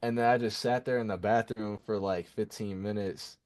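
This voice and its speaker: Young male musician guest, low-ish voice, animated slangy storyteller. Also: normal speed. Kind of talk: casual storytelling in an interview.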